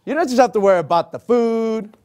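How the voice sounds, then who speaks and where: A man preaching an animated sermon, exclaiming loudly and acting out the voices of the people in his stories. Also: high-pitched, fairly quick, clean tone. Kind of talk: animated sermon with acted-out scenes.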